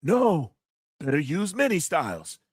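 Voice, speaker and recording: A man putting on the voice of a stern male kung fu master giving measured, instructive advice. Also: a little high, big pitch swings, husky, dry recording, studio quality, voice pushed up, exaggerated voice.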